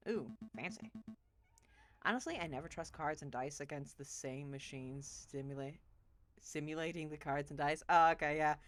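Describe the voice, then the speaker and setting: A woman's voice: deep voice, normal speed, no echo. A woman streaming a game live, chatting and giggling with her viewers. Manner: chatty, giggly, talks to chat. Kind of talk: live game playthrough commentary.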